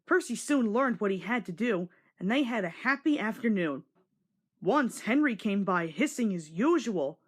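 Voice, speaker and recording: A woman narrates a children's storybook read-along with an expressive, storytelling delivery. Her pitch moves up and down a lot, keeping the read-along lively. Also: moderate pace, slightly rough.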